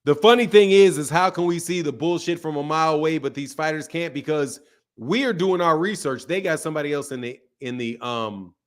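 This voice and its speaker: A man's voice: a little high, a little fast. Joking man chatting with his live stream. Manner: loose, joking, laughs often, talks back to chat. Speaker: live-stream host reading chat. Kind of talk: casual live-stream chat.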